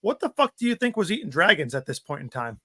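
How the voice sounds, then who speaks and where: A man with a slightly high, bright and forceful voice fires off brash, profane remarks at a fast clip. He is chatting casually on a podcast, and the sound is dry with no room echo. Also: sing-song, husky. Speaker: podcast co-host. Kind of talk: casual chat.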